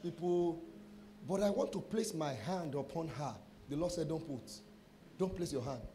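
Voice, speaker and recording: A man's voice: fairly high pitch, normal speed, a little hiss or hum. A Nigerian man, a pastor, preaching a sermon and telling testimony stories, acting out the dialogue and mixing in pidgin phrases. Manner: animated storyteller acting out dialogue.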